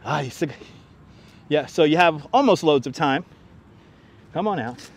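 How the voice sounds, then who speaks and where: A chatty man hosting a live stream on a handheld phone as he walks through an urban park. His voice is high and lively, bouncing around as he greets viewers and teases them. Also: unhurried, pauses often, a little hiss or hum. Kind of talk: casual live-stream chat.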